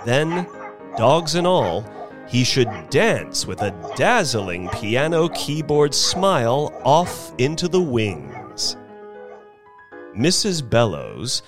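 A man reading a short story aloud as its narrator, theatrical and richly expressive, voicing its people as he goes. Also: medium pitch, takes it slowly, music in the background. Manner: theatrical, with wide swings of expression. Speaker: narrator and performer. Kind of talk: dramatic audiobook narration.

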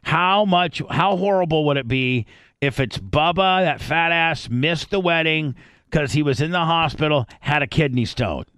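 A man's voice: fairly high pitch, moderate pace, fairly bright tone, smooth, dry recording. Male radio host, loose profane rambling, dry close studio sound. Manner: rambling, profane, many restarts. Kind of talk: casual crude chat.

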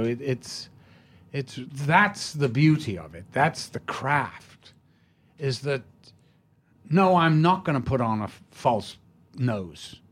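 An older man tells stories as an interview guest. His delivery is theatrical, with frequent restarts and trailing fillers. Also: a little high. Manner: theatrical storytelling, hesitant restarts. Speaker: guest actor. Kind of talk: anecdotal interview talk.

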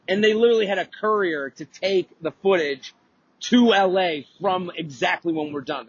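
Husky-voiced man ranting on a podcast. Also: on the high side, dry recording, muffled recording. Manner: rambling, profane, lots of restarts and fillers. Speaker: podcast host. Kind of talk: casual storytelling rant.

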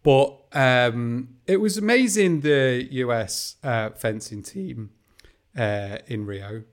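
A man interviewing an athlete, pausing on "um" and "uh" before building to enthusiastic remarks. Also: mid-range voice. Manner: hesitant, with many "um" and "uh", then building enthusiasm. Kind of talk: interview questions.

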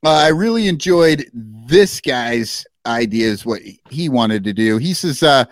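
Slow, animated, swearing male podcast host. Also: mid-range voice, no echo, clean studio sound. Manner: animated, profane, rambling rants. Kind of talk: casual chat.

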